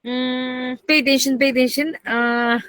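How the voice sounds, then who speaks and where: A young woman giving a history lecture to a class, mixing languages and often asking "okay, clear?". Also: high voice, level tone, a little slow, a bit bright, dry recording. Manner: code-switching, asks "okay, clear?" often. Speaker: history teacher.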